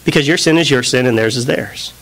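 A man's voice: medium pitch, fast talker. A man preacher telling a story in a sermon, acting out a phone conversation with a friend, with the congregation heard behind him. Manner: animated, acts out both sides of a phone call. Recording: live church recording with audience. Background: congregation laughing.

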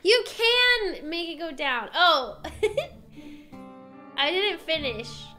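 Texan woman streamer, bright and high, giggly, stumbles reading aloud. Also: very animated, drawn-out words, faint music behind. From Texas. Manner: giggly, reads on-screen text aloud with stumbles. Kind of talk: casual game-stream commentary.

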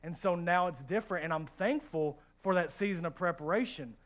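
Man, pastor, high voice, animated sermon, hushed to loud, joking. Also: brisk. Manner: acts out quoted voices.

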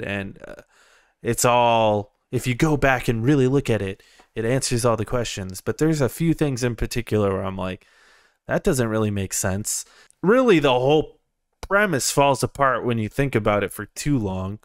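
A man's voice: medium pitch, expressive, normal speed, smooth, dry recording, clean studio sound. A young man giving a casual review from inside his parked car, rambling, chuckling and repeating words as he goes. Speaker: movie reviewer.

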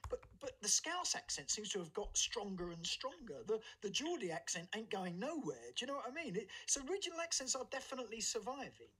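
A man's voice: high voice, big pitch swings, fairly quick, few pauses, pushed and bright, husky, rough recording. Chatty man hosting a radio show. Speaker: radio host. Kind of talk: casual radio chat.

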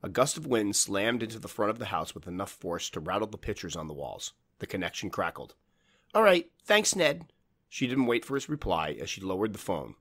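A man narrating a horror story in a measured, dramatic storytelling manner. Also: sits low, animated, a bit bright.

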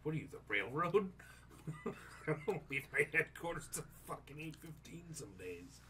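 A man's voice: a little high, very animated, moderate pace, pushed and bright, slight background noise. A man talking crudely and bluntly on a casual podcast, swearing often.

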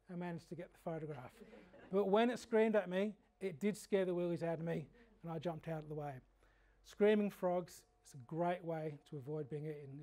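An Australian man giving a frog identification workshop, telling lively, humorous stories and explaining frog behaviour. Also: high voice. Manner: animated anecdotal storytelling. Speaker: frog educator. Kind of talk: workshop lecture.

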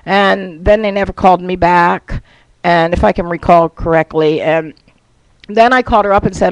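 A woman's voice: on the low side, fairly even intonation, normal speed, dry recording, rough recording. A woman guest on a radio talk show, telling a long rambling story in casual chat.

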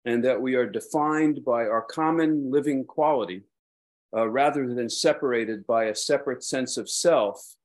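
A man with a Brooklyn accent giving a dharma talk as a Buddhist teacher, rambling and self-deprecating, with frequent hesitations. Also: mid-range voice.

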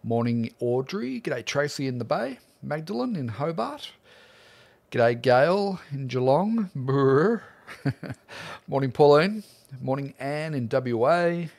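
A friendly middle-aged man with an Australian accent, talking casually to his livestream audience. His voice sits at a medium pitch and stays relaxed and chatty, like an art teacher warming up a weekly Q&A. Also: takes it slowly, creaky. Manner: friendly, greets viewers one by one by name.

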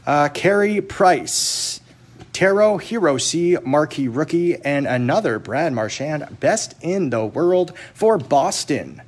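Brief: male card break host, chatty and teasing, voice a touch high. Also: expressive, slow pace. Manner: chatty, joking, teasing viewers, rattling off card names. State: jittery from too much caffeine. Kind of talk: casual live-stream chat.

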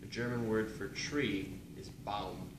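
A young man with a low voice gives casual instructions, stopping often with ums before quick bursts of speech. He is far from the mic in an echoey room with clear noise behind him. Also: fairly even intonation. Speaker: student presenter.

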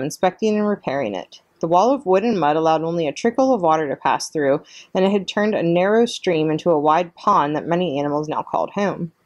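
Librarian woman, storytime reading for young kids, lower register, clear and steady. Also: dry recording. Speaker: children's librarian. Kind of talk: reading a chapter book aloud.

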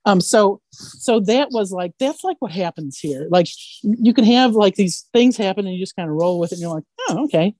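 A woman voice actress who tells animated stories in a casual interview and keeps asking "right?". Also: mid-range voice, normal speed, no echo. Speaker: voice actress guest.

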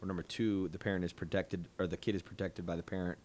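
Young guy cohost, lowish voice, agreeable, sums stuff up. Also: little pitch movement, fast talker, darkish tone, a little hiss or hum. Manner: summing up points, agreeable. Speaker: podcast co-host. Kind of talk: casual podcast chat.

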